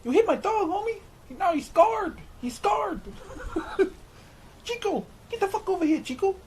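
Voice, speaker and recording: A man putting on a stereotypical tough male cholo gangster in a high, strained, shouty impression. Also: expressive, measured pace, a little hiss or hum. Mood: tough mock-angry.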